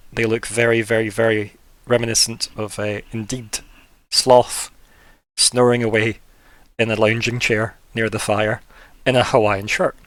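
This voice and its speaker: A man's voice: medium pitch, fairly bright tone, dry recording. Rambling man running a tabletop game. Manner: rambling, many fillers. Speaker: game master.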